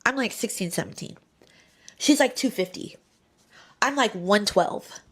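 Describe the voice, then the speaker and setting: A young woman telling a personal story in a casual, animated way, acting out the voices of the people in it. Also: mid-range voice, a little slow, slightly rough. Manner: animated, acts out voices in quotes.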